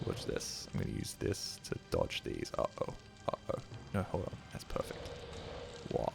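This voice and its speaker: Male gaming streamer, self-mocking and profane, lively pitch, clear game music underneath. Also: moderate pace. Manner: goofy, self-mocking, swears a lot. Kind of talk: casual gaming stream commentary.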